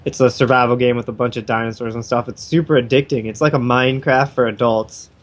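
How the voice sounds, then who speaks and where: A man's voice: mid-range voice, steady tone, quick pace. A man co-hosting a casual gaming podcast, chatting enthusiastically. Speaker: podcast co-host. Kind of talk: casual chat.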